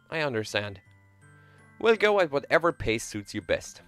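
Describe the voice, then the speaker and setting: A man's voice: mid-range voice, sing-song, normal speed, fairly bright tone, faint music behind. A young man streaming, reading a visual novel aloud in a playful, joking way and chatting with viewers.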